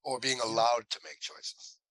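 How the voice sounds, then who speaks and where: The speaker is an older male actor being interviewed, his medium-pitched voice a little slow, captured on a dry, low-quality recording. He shares casual stories with plenty of animation and acts out what the people in them said.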